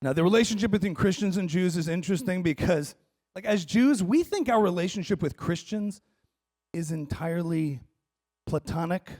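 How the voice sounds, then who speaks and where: A male stand-up comedian works the crowd from a conference stage. He is wry and animated, with a high-pitched voice. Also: moderate pace. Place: large conference hall stage.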